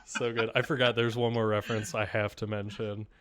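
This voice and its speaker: A man's voice: lowish voice, little pitch movement, fairly quick, a bit bright. A man co-hosting a podcast, chatting casually and enthusiastically with lots of fillers and restarts. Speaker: podcast co-host. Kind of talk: casual chat.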